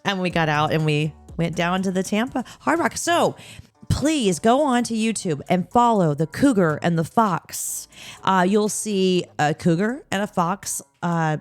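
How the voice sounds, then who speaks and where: A woman's voice: mid-range voice, lively intonation, unhurried, faint music behind. A woman hosting a podcast in casual chat, teasing her guest with bawdy jokes and ending with a chatty sign-off. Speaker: podcast host.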